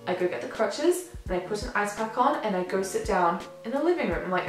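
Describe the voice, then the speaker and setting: A woman's voice: mid-range voice, expressive, brisk, few pauses. A teenage woman telling a storytime vlog, chatty and dramatic, acting out what people said. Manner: chatty, dramatic retelling with acted-out quotes. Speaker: vlogger. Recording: very echoey room, faint music.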